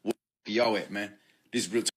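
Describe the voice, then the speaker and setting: A man putting on the voice of a tough, indignant streetwise man, slow and emphatic. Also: on the low side, steady tone, breathy edge.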